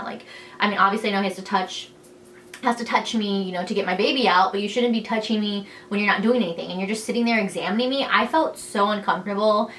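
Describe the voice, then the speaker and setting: A woman's voice: medium pitch, fast, a bit bright, a little hiss or hum. A young woman telling her birth story in a candid vlog, talking frankly and freely with lots of "like" and "you know", acting out what others said. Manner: chatty and frank, heavy use of "like" and "you know", quoting others in turn.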